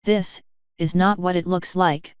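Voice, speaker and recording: A woman's voice: on the low side, fairly even intonation, measured pace, clean tone, no echo, lightly acted. A woman voicing a curious, courteous griffin king with an eager manner, in a dull lo-fi recording.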